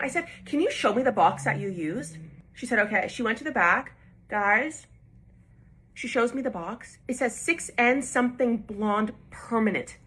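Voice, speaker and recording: A young woman tells a story in a casual video. Her voice is bright and forward. She sounds upset and emphatic, and she acts out the other people's lines as she goes. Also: a little high, normal speed, a little hiss or hum. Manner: upset, emphatic retelling with quoted dialogue. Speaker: storyteller recounting a salon incident.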